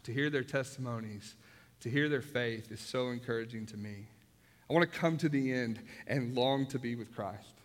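A man's voice: medium pitch, fairly bright tone. A man preaching a sermon as pastor in a church, conversational with rhetorical questions and joking asides. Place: church sanctuary. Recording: long hall reverb.

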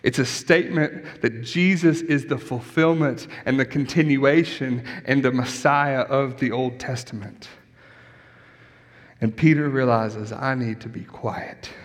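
A man preaching a sermon in a conversational style, animated, tossing in asides to the congregation. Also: medium pitch. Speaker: pastor. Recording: long church reverb.

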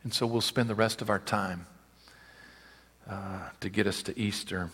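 A male pastor delivers a sermon in a low, forceful, bright-edged voice. He builds to loud, emphatic peaks and drops into hushed, wry asides. The sound carries the long reverb of a large hall. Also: fairly even intonation, measured pace, slightly rough. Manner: preaching with sudden swells and quiet asides.

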